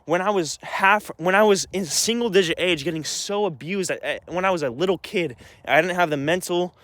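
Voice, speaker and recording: A young man with a somewhat high voice tells a personal story as a vlogger. He is agitated and rambling, restarts his sentences often and swears freely. The sound is dry, with no room echo. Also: fairly quick, fairly bright tone.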